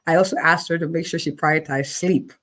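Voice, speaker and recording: A woman's voice: low-pitched, steady tone, fairly quick, a bit bright. A woman physician answering interview questions, encouraging and checking in with listeners, often repeating words for emphasis. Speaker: physician guest.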